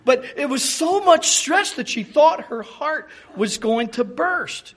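A man preaching a sermon in a lively, animated way, often acting out quoted speech and restarting words as he thinks aloud. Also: very high voice, slow. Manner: animated, acts out quoted speech in changed voices.

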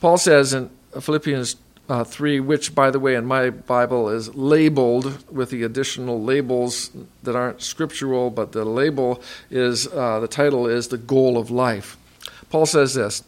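A man giving a sermon as a pastor, reading scripture aloud and explaining it with many pauses and fillers, in what he calls his monotone voice. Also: medium pitch. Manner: self-described monotone delivery. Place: room with a heater.

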